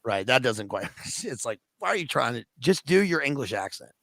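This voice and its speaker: A laid-back man guesting on a film podcast, his voice gravelly with a lot of vocal fry. He talks slangy and loose, checking in with a quick question tag. Close and dry on the mic. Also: mid-range voice, sing-song, fairly bright tone, dry recording. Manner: laid-back, slangy, says "dude" and "right?". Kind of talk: casual film-discussion chat.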